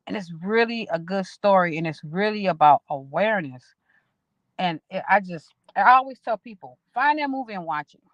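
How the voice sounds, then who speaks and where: A woman's voice: on the low side, no room sound. A middle-aged woman talks straight to her viewers on a phone livestream, rambling and emotional, dropping casual swears. The sound is dry and a bit dull, like a phone outdoors. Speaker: vlogger talking to viewers. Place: outdoors at a park.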